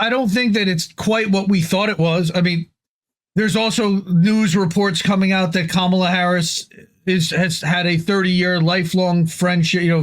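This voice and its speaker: High-voiced man giving cautious political commentary.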